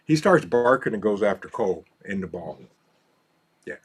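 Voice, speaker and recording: A man's voice: fairly low pitch, big pitch swings, normal speed, husky. A man hosts a casual live stream, reading out viewer comments, laughing easily and coaxing his dog. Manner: easygoing, laughs often, talks softly to his dog.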